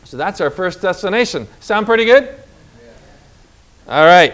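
High-voiced man preaching a sermon. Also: very animated, a little slow, pauses often, fairly bright tone. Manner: emphatic, draws out key words, asks the congregation to repeat.

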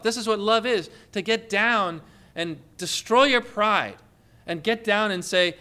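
A man's voice: high voice, normal speed, pushed and bright, smooth. A man preaching a sermon, telling stories and rising into emphatic questions.

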